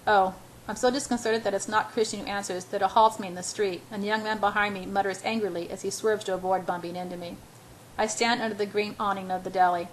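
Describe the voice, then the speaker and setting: A woman's voice: mid-range voice, fairly even intonation, quick pace, a little hiss or hum, low-quality recording. Woman reading a novel aloud, casual. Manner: casual reading with restarts and self-corrections. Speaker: amateur audiobook reader. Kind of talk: first-person novel reading.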